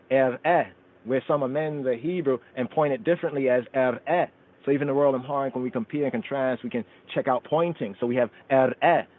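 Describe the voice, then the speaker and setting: A man hosting a radio scripture study, reciting verses in Amharic and Hebrew and explaining them word by word. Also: medium pitch. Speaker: radio show host teaching scripture. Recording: phone-line call-in radio sound.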